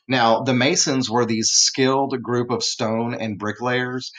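A man's voice: medium pitch, fairly even intonation, slow pace, a bit bright, rough recording. A man teaching a literature lesson in a casual, rambling way, with lots of fillers as he retells a story. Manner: rambling, conversational, many fillers.

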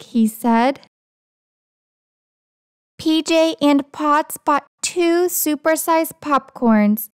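A woman's voice: sits high, clean tone, dry recording, studio quality. A young adult woman reading a children's book aloud in a friendly storytelling manner. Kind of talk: children's read-aloud narration.

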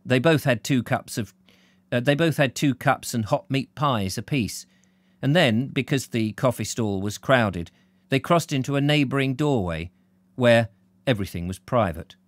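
A man's voice: medium pitch, expressive, normal speed, no room sound. A British man giving a live reading of a novel, then chatting with viewers and reading out their comments. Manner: storyteller, reads out viewer comments warmly. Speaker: reader and live-stream host.

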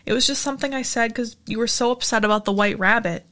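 A woman's voice: on the high side, quick pace, fairly bright tone, natural voice. A woman reading the part of a frightened fourteen-year-old girl in an audiobook, hesitant and pleading. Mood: tearful. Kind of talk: audiobook character voice.

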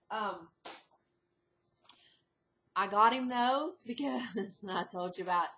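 A woman vlogger chatting casually at home in a rambling video diary, breaking into high, excited exclamations. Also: very slow. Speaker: diet vlogger. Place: indoors at home.

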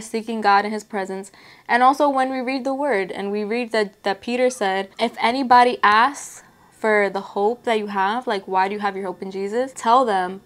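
A woman giving a casual, earnest talk about her Christian faith to camera, speaking conversationally with frequent filler words. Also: fairly high pitch. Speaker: Christian vlogger.

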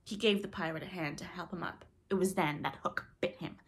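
A woman narrating a classic children's storybook in a dramatic, expressive reading style. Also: fairly low pitch, fairly quick. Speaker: audiobook narrator.

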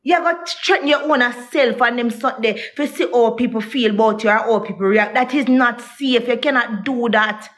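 A woman's voice: on the high side, normal speed, hardly any pauses, fairly bright tone. A young woman, telling her viewers a heated, indignant story about a partner, repeating herself as she vents. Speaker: vlogger. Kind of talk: emotional storytime rant to viewers.

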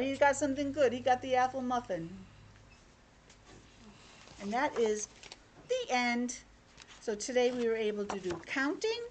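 A woman's voice: a little high, a little hiss or hum. A young woman teacher reading a picture book aloud to children over a video call, with chatty asides. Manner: animated, chatty asides to kids.

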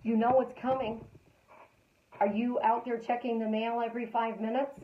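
A woman hosting a live stream as a life coach, talking casually and repeating calm affirmations in a chatty, storytelling way. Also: on the high side, moderate pace, echoey room, dull audio.

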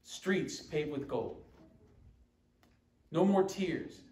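A man's voice: a little high, lively intonation, drawn-out words, a little mellow, slight background noise. Male pastor, fervent sermon delivery, roomy church echo. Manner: emphatic, quoting scripture with call-and-response. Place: church sanctuary. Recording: echoey church room from far off.

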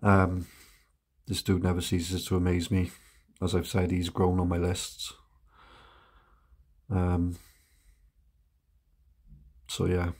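British man, reaction host, casual, halting, ums, laughs, husky. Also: sits low, completely flat delivery, a little mellow. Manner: hesitant, lots of ums, laughs often.

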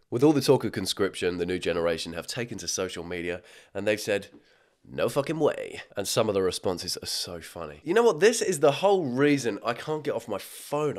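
Husky, ill British man, sarcastic. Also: low-pitched. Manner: crude, sarcastic, swears freely. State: ill, slightly out of breath. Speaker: commentary host. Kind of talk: comedic reaction commentary.

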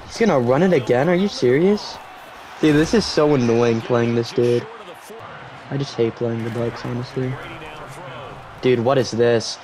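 A young man giving live commentary on his own football video game, cheering loudly on big plays and grumbling when things go wrong. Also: medium pitch, measured pace, long pauses, a crowd in the background. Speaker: gaming YouTuber.

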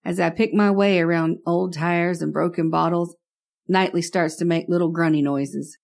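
A woman's voice: lowish voice, steady tone, moderate pace, vocal fry, a little mellow. A woman narrating a first-person horror story in a wry, conversational way.

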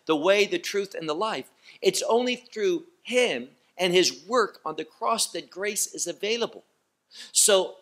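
A man giving a Bible teaching lecture, deliberate and emphatic, posing rhetorical questions to his listeners. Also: a little high, a bit bright. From Israel.

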